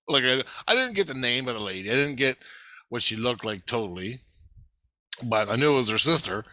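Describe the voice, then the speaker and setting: A man's voice: medium pitch, lively intonation, fairly quick, sharp tone, no room sound. A man casually telling a personal story in a blunt, rambling way, swearing freely and laughing at himself. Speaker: vlogger.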